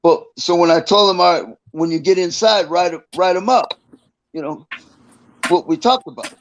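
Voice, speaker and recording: A man's voice: high voice, normal speed, lo-fi sound. Older man telling profane, rambling stories. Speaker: interview guest, former prisoner. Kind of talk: casual storytelling interview.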